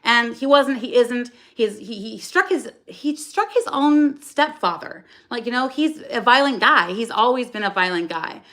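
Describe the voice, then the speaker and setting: Woman host talking into her phone on a livestream, blunt and cursing, with a slightly high voice. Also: animated, normal speed, few pauses, fairly bright tone. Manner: raw, blunt and profane, with frequent restarts. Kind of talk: emotional livestream monologue.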